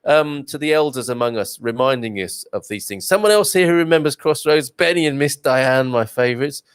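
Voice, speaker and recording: A man's voice: mid-range voice, expressive, a little fast, clear, resonant tone, dry recording, studio quality. A man hosting a live stream, chatting and reading out viewer comments with rambling asides. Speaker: host.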